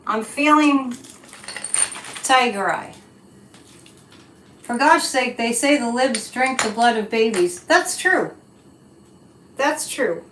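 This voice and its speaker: Speaking in a slightly high, somewhat bright voice with a faint hiss or hum on the audio, an American woman hosting a psychic livestream reads viewers' comments in casual chat. She's indignant and emphatic, taking it slow and deliberate in a room full of echo.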